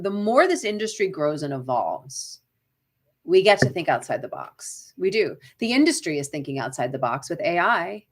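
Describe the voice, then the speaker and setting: Chatty middle-aged Boston woman coaching. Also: on the low side. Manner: chatty, frequent "right?" tag questions, reads viewer comments aloud. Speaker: acting career coach. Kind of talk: live-stream coaching chat.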